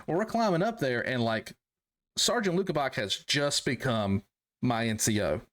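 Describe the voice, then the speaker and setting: A young adult man, an army veteran guest on a podcast, telling stories casually, with plenty of swearing and loud, high-pitched acted-out quotes. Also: moderate pace. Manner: animated, profane, acts out quotes in loud high voices. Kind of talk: casual storytelling.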